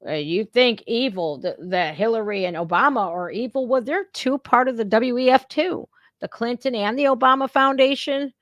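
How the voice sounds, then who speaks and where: A woman's voice: on the high side, normal speed, fairly bright tone, no echo. A woman hosting a reaction channel, giving blunt, profane, casual commentary straight to her viewers.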